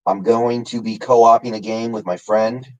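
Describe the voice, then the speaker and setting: A man's voice: medium pitch, fairly even intonation, normal speed, dull audio. A man casually chatting on his live stream, answering chat by name with lots of fillers. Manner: rambling, reads chat names, many fillers.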